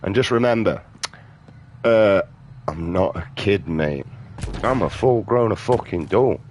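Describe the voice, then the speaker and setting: A man's voice: lowish voice, animated, measured pace, a little mellow, a little hiss or hum. A British man giving casual, profane, ranting commentary while playing a video game. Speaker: gaming streamer. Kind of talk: casual commentary over gameplay.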